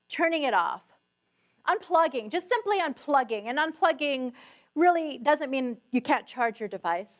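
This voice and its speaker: A middle-aged woman giving a conference keynote talk, telling stories with animated asides to the audience. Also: on the high side. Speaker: keynote speaker. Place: conference hall stage.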